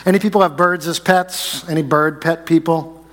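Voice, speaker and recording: A man in his forties, a pastor giving a sermon, chatting with the congregation and slowing down to stress key phrases. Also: a little high, fairly even intonation, fairly bright tone. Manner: conversational, asks the congregation questions, slows to stress key phrases. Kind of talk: sermon with jokes and a story. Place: church sanctuary. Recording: long reverb of a church hall.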